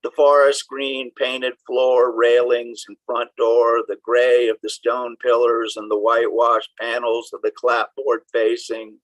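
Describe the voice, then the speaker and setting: A man reading his own poem at an online open mic in a measured, deliberate way, heard over a video call from home. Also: mid-range voice, little pitch movement, no echo, low-quality recording. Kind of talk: poetry reading.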